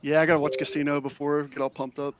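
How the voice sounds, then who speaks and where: A man's voice: on the high side, little pitch movement, quick pace, dull audio, background noise. A man who is a guest on a casual podcast chat. He talks earnestly and rambles, restarting his sentences often.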